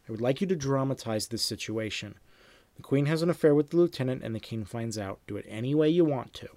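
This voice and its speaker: Man lecturing with animated storytelling. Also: mid-range voice, quick pace, dry recording. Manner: animated storyteller, acts out sound effects, repeats himself. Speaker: screenwriting teacher. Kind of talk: lecture reading anecdotes aloud.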